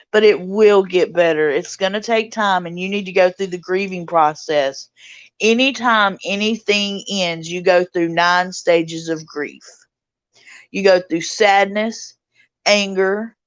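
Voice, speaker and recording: A woman hosting a casual livestream chat, reading out viewer comments and answering them warmly. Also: mid-range voice, dry recording. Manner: warm, reads out viewer comments and greets chatters. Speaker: livestream host.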